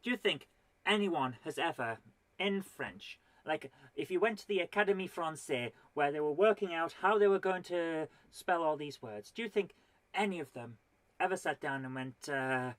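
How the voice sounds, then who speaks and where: A woman's voice: low-pitched, animated, moderate pace, dry recording. A woman performing a stand-up comedy routine, full of exasperated rhetorical questions and mock indignation.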